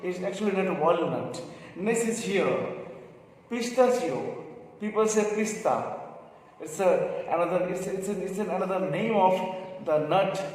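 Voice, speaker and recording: A man's voice: high voice, darkish tone. Man teaching pronunciation, echoey room. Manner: repeats each word slowly, drawing out sounds. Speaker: English teacher. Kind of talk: pronunciation lesson. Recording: echoey room, mic far off, faint noise.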